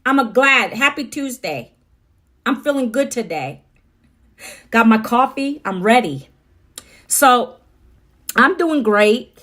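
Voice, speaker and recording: A woman's voice: on the high side, expressive, takes it slowly, long pauses, a bit bright. A middle-aged woman hosting a casual livestream, chatty and upbeat, talking straight to her viewers on her phone. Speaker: livestream host.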